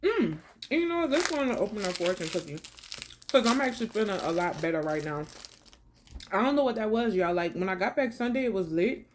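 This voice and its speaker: A woman's voice: mid-range voice, sing-song, a little fast, background noise. Chatty woman vlogger telling a story. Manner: chatty, slangy storytelling, addresses viewers as baby and y'all; eating while talking. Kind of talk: casual chat to camera.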